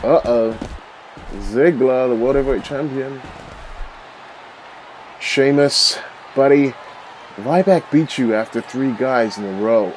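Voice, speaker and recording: A man's voice: mid-range voice, takes it slowly, pauses often, slight background noise, lightly acted, poor audio. A man voicing an arrogant male wrestler who mocks and taunts his rival in a game role-play. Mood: taunting. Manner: mocking, taunting.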